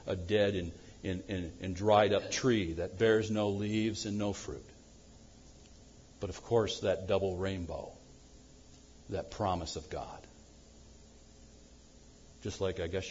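A man preaching a sermon as pastor, swinging from loud acted-out prayers to low, quiet asides. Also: slightly rough, highs cut off. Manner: animated preaching, acting out prayers loudly then dropping low.

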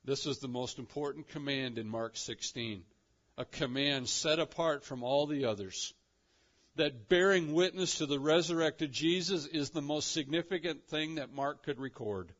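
A man preaching a sermon emphatically, asking his listeners rhetorical questions and swinging between loud and quiet. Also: fairly high pitch, moderate pace. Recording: dull lo-fi recording.

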